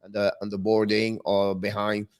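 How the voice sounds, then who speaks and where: Man with halting phrasing. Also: lowish voice, completely flat delivery, smooth. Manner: halting, restarts phrases, non-native grammar. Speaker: hockey show co-host. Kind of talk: casual sports talk.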